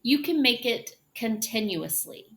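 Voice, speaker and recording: A woman teaching English pronunciation, demonstrating sounds slowly and drawing out hushing noises. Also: on the high side, lively intonation. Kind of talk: pronunciation lesson.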